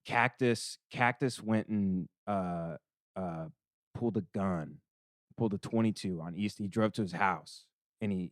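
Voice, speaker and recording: A young man, a podcast producer, telling stories in a halting, hesitant way with restarts. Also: sits low, dry recording, studio quality. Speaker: producer and co-host. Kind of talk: casual storytelling.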